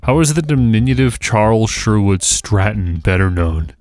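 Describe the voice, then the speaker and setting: A man's voice: fairly low pitch, animated, normal speed, darkish tone. Sarcastic man commenting on a quiz game. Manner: sarcastic, exasperated, jokey. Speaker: gaming YouTuber. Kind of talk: casual gameplay commentary.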